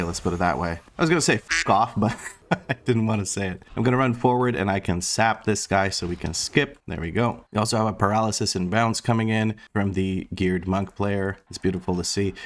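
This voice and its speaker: A young man with a deep, low-pitched voice talks through a video game in a loose, casual way. He sounds tired and low on energy, rambling, self-deprecating, and often groping for words. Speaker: gaming YouTuber. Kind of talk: casual gameplay commentary.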